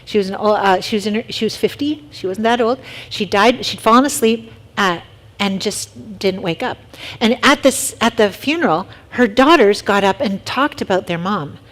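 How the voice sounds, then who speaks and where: A woman leading a casual youth talk for middle schoolers, telling lively stories and asking the group questions. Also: mid-range voice, normal speed.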